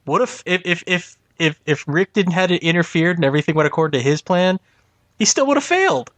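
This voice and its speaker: A man co-hosting a podcast, chatting casually about movies, with frequent laughs and halting restarts. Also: high voice, animated, a bit bright, no room sound. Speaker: podcast co-host. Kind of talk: casual movie review chat.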